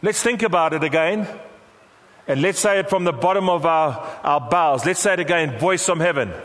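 Pastor, middle-aged man, South African accent, high-pitched preaching voice, long hall echo, call-and-response delivery. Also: normal speed, fairly bright tone, a little hiss or hum. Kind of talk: sermon. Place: large church hall.

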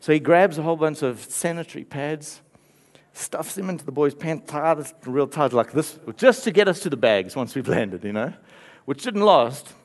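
A man's voice: a little high, lively intonation, normal speed. A man preaching a sermon, telling a story with playful asides and light laughter. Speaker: pastor.

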